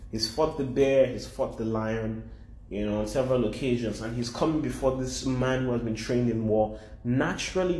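Animated preacher man in an echoey room. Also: mid-range voice. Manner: animated, repeats phrases for emphasis. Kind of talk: sermon.

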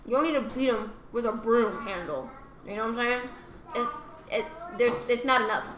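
A woman's voice: on the high side, brisk. A young woman telling stories in casual podcast chat, acting out other voices and dropping into whispered asides. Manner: animated storytelling, acts out voices, drops to whispers. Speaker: podcast co-host. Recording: echoey room with faint ambient noise.

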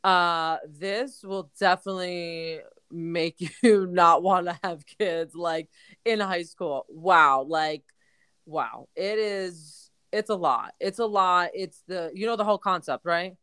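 A woman's voice: fairly low pitch, takes it slowly, fairly bright tone, clear, resonant tone, dry recording. A woman co-hosting a podcast in casual chat, telling crude stories with lots of "like" and restarts. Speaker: podcast co-host.

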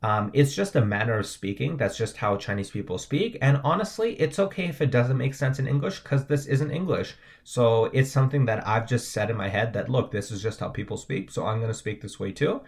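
A man's voice: medium pitch, expressive, a little fast, vocal fry, hardly any pauses. A man teaching words and tones, explaining patiently and checking in with "right?". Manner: patient, repeats "right?" often. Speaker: language teacher.

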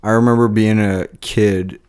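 Young male podcast co-host, casual, rambling, self-mocking, laughs a lot, slightly low voice. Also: steady tone, normal speed, a little mellow, clear, resonant tone. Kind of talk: casual chat.

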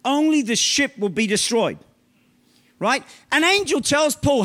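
A male pastor preaching a sermon, often checking in with "right?" and reading scripture slowly, with loud emphatic outbursts. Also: extremely high pitch, lively intonation. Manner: bursts into loud shouts.

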